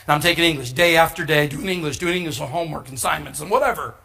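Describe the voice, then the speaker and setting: A middle-aged man preaches through a personal story, his voice sitting high and ringing bright and forceful. He is humorous and animated, and he punches key lines with sudden emphatic shouts. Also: fast, gravelly. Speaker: pastor. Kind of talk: storytelling sermon.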